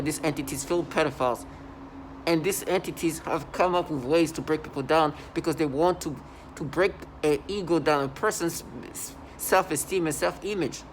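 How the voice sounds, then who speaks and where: A man's voice: fairly high pitch, a little hiss or hum. A man talking to his camera in an agitated, indignant monologue, stopping and restarting often. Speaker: vlogger.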